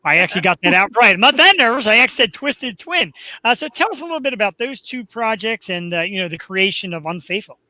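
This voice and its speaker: A man's voice: high voice, animated, fast, bright, forceful tone, no echo, rough recording. A man with a Philadelphia accent hosting a live webcast, chatting in an upbeat, rambling, self-deprecating way. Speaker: podcast host. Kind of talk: casual live webcast chat.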